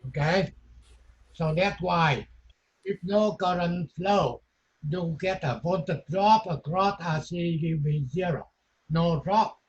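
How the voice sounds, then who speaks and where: A man teaching an electronics class, talking in short, halting phrases that he often repeats, with non-native grammar. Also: high-pitched, lo-fi sound, slight background noise. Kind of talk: classroom lecture.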